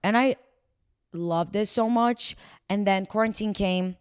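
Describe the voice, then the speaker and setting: A young woman in her twenties from Brazil with a Brazilian Portuguese accent, a podcast guest telling stories in a lively way full of "like". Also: medium pitch, measured pace, clean tone, no room sound, clean studio sound. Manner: animated storytelling, heavy use of "like". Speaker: guest, model. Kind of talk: casual podcast chat.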